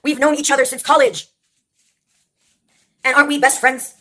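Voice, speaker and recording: A woman mimicking a clingy, jealous best friend who pleads in a raised, higher voice. She talks in a whiny, insistent way, pushing therapy labels at her roommate. The voice stays close to the woman's own. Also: flat delivery, moderate pace, pushed and bright. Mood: pleading.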